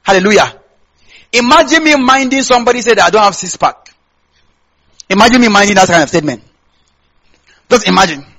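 A Nigerian man preaching a sermon in a high, husky voice. He talks straight to the congregation and keeps asking them questions so they answer back. His accent is plainly Nigerian. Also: animated, fairly quick, long pauses, sharp tone, low-quality recording. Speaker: pastor.

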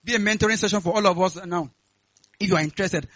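A man with a high-sitting voice preaches a church sermon at a fast clip, recorded with no echo and dull audio. As pastor he handles announcements and prayer, regularly calling out "are we together?" for a response, and his prayer grows loud and fervent.

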